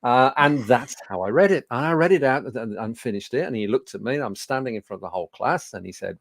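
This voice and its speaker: Gravelly and fast, with few pauses, a sixtysomething Birmingham speaking coach animatedly spins anecdotes for a studio crowd. His pitch is medium, the sound carries no room tone, and his talk leans on fillers and humour at his own expense.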